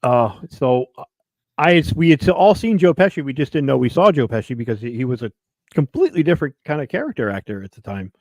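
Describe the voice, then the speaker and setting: A man's voice: medium pitch, sing-song, fast talker, a little mellow, dry recording. A man co-hosting a casual podcast chat, swearing freely and reeling off film facts. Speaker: podcast co-host.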